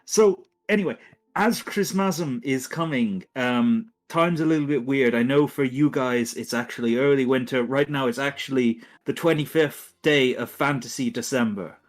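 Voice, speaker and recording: A man's voice: medium pitch, pitched above the performer's own voice, natural voice. A man putting on a towering, harried Christmas boss. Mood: bossy. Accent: attempted Irish slipping into West Country. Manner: hurried, bossy, exasperated.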